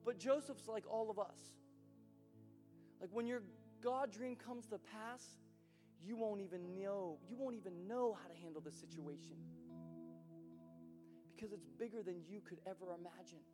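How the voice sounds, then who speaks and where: A male pastor preaching a sermon as an animated, conversational storyteller. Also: high-pitched, moderate pace, long pauses. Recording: hall reverb with soft music.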